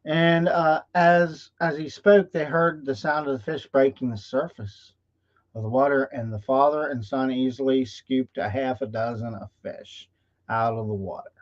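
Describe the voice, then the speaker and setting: A man's voice: mid-range voice, fairly even intonation, moderate pace. A male host tells a folksy motivational story in a live stream, often checking in with "okay?", recorded in dull lo-fi livestream audio.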